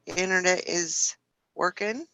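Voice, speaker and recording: A woman's voice: fairly low pitch, slow pace, pushed and bright, slight background noise, poor audio. A woman hosting a casual morning chat show, chatty and laughing often. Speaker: show host.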